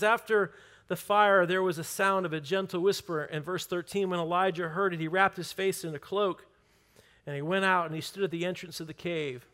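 Pastor, man, fairly high voice, casual joking sermon, emphatic. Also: a bit bright. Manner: conversational, jokey, emphatic.

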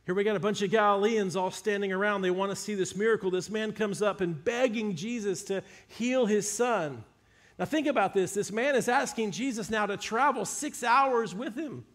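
A man preaching a sermon, retelling scripture with animated, emphatic storytelling. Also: high-pitched, moderate pace.

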